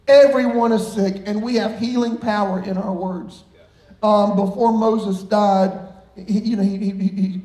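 High-voiced laughing preacher man. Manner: animated, laughing storyteller. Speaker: pastor. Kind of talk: sermon. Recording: echoey room.

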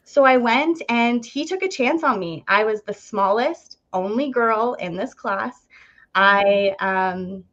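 A woman's voice: on the high side, slow pace. A young woman from Ontario, a podcast guest telling her story casually and animatedly, full of "like" fillers and acted-out quotes. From Ontario, Canada. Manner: chatty, animated, many "like" fillers, acts out quoted voices. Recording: dull lo-fi podcast audio.

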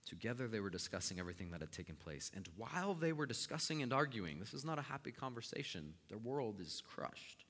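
A male pastor preaches with a bright, forceful voice. He retells the story with animated swings between soft, slow lines and loud, emphatic ones. A long hall reverb trails after every phrase. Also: on the low side. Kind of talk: sermon.

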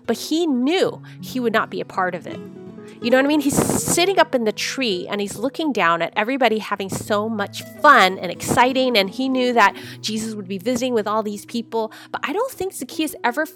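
A woman's voice: a little high, a bit bright. Emotional woman sharing a devotional podcast. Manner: emotional, laughing and tearful while retelling scripture. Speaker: podcast host.

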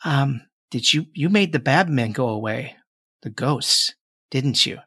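A man's voice: medium pitch, animated, unhurried, a bit bright, breathy edge, no room sound, clean studio sound, exaggerated voice. A man voicing an earnest ten-year-old boy. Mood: solemn. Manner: solemn, chatty, hesitant. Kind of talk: tabletop game character voice.

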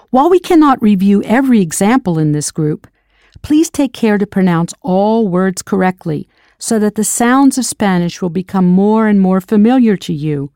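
This woman's mid-range voice has a dark tone, captured dry at studio quality. She teaches a recorded language lesson by spelling each word letter by letter before prompting the learner to respond.

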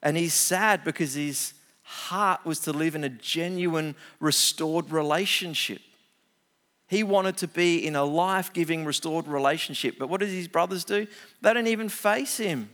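A man's voice: a little high, moderate pace. Man preaching a sermon. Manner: reads scripture aloud then explains it with animated asides. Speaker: pastor.

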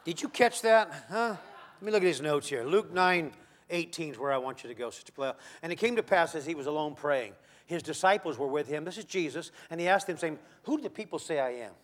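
High-voiced man preaching. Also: lively intonation, fairly quick. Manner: dramatic, swinging from soft to shouting; acts out quoted voices of God and Moses. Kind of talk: sermon.

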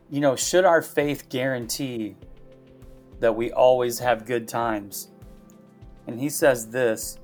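Man, podcast pastor, gravelly voice, reflective, halting with fillers, faint music behind. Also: medium pitch. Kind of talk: conversational devotional podcast talk.

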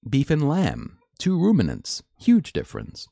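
A man's voice: a little high, wildly swooping pitch, measured pace, vocal fry, mellow, no echo, studio quality. A man hosting a live stream, reading news articles and commenting in a chatty, opinionated way with many fillers and restarts. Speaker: host.

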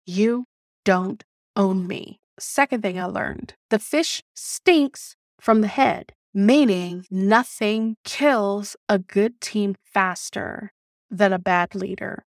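A woman's voice: medium pitch, slow, no room sound. Podcast host, woman, emphatic storyteller, swears, dry close sound. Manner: animated and emphatic, swears freely, addresses listeners as "y'all". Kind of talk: casual storytelling monologue.

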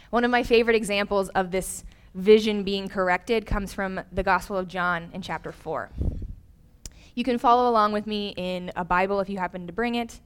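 Animated woman preaching a sermon. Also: medium pitch, moderate pace, clean tone. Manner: lively storytelling, animated quoted voices. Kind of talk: sermon with personal story.

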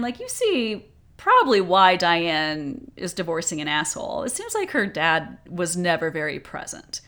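A woman's voice: on the low side, moderate pace. Chatty woman recapping a movie. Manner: animated, laughs often, says "like" a lot. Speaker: podcast co-host. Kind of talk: casual movie recap chat.

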